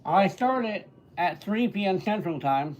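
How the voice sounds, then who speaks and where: A man's voice: sits high, animated, a little slow. Easygoing male streamer chatting with viewers. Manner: easygoing, greets viewers by name and answers their questions. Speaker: livestreamer and entertainer. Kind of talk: casual livestream chat answering viewer comments.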